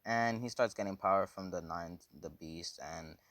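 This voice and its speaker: A man's voice: deep voice, normal speed, a bit bright, no room sound. Rambling, slangy man telling a fan story. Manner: rambling and slangy, with lots of fillers.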